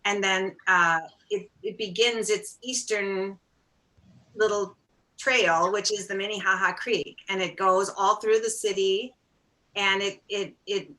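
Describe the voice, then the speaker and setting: Bright-voiced woman telling animated stories. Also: mid-range voice, measured pace, rough recording. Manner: animated, acts out quoted dialogue; self-deprecating, laughs through stories. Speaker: singer-songwriter guest. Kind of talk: storytelling in a casual interview.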